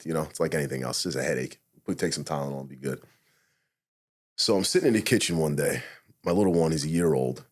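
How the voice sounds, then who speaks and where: A man who is a retired police officer, telling a personal story as a podcast guest in a blunt, profane, animated way, acting out what he thought and said. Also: very deep voice. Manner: blunt, profane, animated retelling with acted-out inner quotes. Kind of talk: casual storytelling interview.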